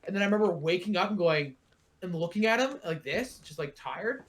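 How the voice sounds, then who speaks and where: Young male podcast host, bright tense voice, animated storyteller who acts out his quotes. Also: sits high, a little fast, a little hiss or hum. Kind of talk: casual storytelling.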